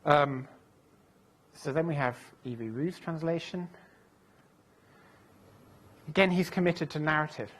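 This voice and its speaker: A man's voice: a little high, unhurried, long pauses, a bit bright, husky. A man giving a recorded lecture, thinking aloud as he goes, with frequent fillers and self-corrections. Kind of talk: recorded lecture walking through translations.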